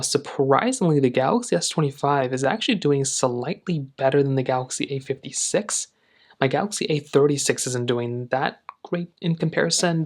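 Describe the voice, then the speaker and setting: Rambling casual tech-review guy. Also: medium pitch. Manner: relaxed, rambling with filler phrases.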